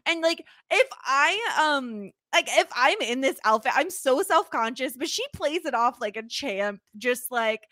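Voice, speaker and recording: A woman co-hosting a podcast, chatting excitedly and giggling as she recaps a TV episode. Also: high-pitched, unhurried, few pauses, dry recording, studio quality. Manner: excitable, giggly, quotes lines and hums tunes. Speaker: podcast co-host. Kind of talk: casual chat recapping a TV episode.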